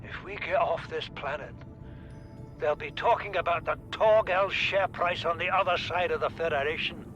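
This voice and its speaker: A weary stranded survivor, voiced by a man, his voice grave and measured as he records a game audio log. He sits somewhat high for a man, and loud music plays steadily behind him. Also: dull audio, close to an everyday voice. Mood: proud. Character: grim stranded male survivor, weary and fatalistic.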